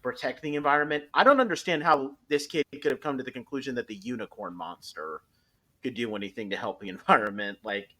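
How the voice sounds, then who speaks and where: A man hosting a podcast, talking through episodes in a casual, animated way, rambling with frequent restarts. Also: medium pitch, brisk. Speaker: podcast host. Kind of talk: casual review chat.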